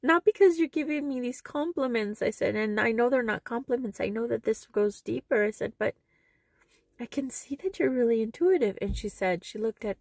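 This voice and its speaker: Earnest woman with a gravelly edge. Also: fairly high pitch, normal speed, a little mellow, no room sound, studio quality. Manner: emotional, earnest, retelling conversations. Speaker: vlogger. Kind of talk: personal storytelling vlog.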